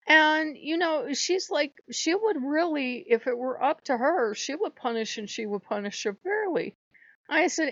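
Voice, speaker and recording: A woman's voice: sits high, lively intonation, a little slow, a bit bright, no echo. A middle-aged woman hosting her channel, telling a heated, exasperated story in a casual monologue. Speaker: channel host. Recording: dry, dull lo-fi recording.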